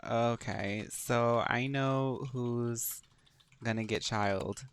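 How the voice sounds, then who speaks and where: A man's voice: medium pitch, steady tone, very slow, a little hiss or hum. A young man streaming a video game, reacting with sassy, campy banter and playful teasing. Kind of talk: live game stream commentary.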